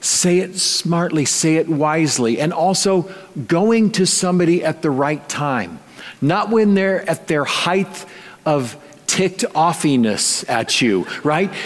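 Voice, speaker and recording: A male pastor preaching a sermon in a conversational, storytelling way with light touches of humor. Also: fairly high pitch. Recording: long reverb.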